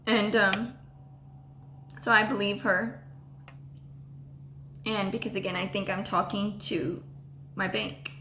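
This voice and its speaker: A woman telling a personal story on a vlog, halting and full of ums and restarts. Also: medium pitch, level tone, bright, forceful tone, roomy sound, slight background noise. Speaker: vlogger.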